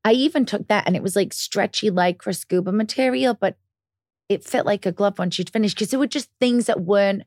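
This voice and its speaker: A woman co-hosting a podcast, chatting casually, chiming in with quick asides and blunt swearing. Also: mid-range voice, darkish tone, dry recording, clean studio sound. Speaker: podcast co-host. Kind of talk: casual chat.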